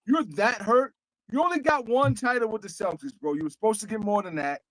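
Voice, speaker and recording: A man's voice: high-pitched, a little fast, fairly bright tone, no room sound, low-quality recording. Exasperated man ranting about sports. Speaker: podcast co-host. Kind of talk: casual sports chat.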